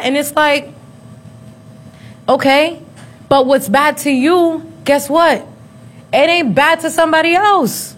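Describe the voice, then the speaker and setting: A woman in her thirties talking in a casual chat, blunt, profane and quick to laugh. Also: sits high. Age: 30s.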